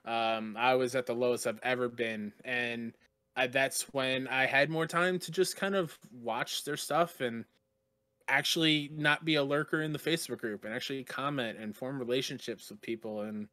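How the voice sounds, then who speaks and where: A man's voice: mid-range voice, moderate pace, bright, forceful tone, no room sound. A man talking as a guest on a podcast, earnest and heartfelt, from Long Island, New York. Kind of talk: casual podcast chat.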